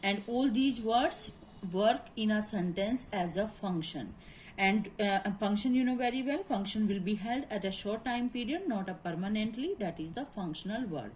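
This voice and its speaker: A woman's voice: mid-range voice, normal speed, a little mellow, slight background noise, rough recording. A woman teacher with an Indian English accent, explaining grammar in a lecture and checking that students follow. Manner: explanatory, repeats points and asks "is it clear?". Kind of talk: classroom lecture.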